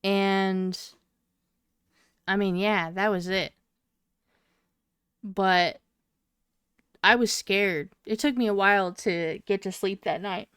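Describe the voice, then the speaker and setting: A woman's voice: medium pitch, steady tone, slow, long pauses, a bit bright, clean tone, no echo, clean studio sound. Profane, rambling woman in her twenties. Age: 20s. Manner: profane, meandering storyteller with many fillers. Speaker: podcast co-host. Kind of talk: casual storytelling.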